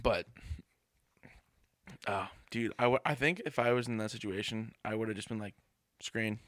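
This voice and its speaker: A man's voice: on the low side, normal speed, fairly bright tone, dry recording, clean studio sound. A young man co-hosting a podcast, chatting casually and riffing jokes. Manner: jokey, riffs in mock voices. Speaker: podcast co-host. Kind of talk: casual chat.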